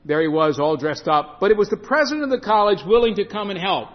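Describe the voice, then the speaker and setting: Animated high-voiced male preacher. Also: fast. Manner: animated, acts out the story in voices. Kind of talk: sermon. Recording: muffled echoey hall.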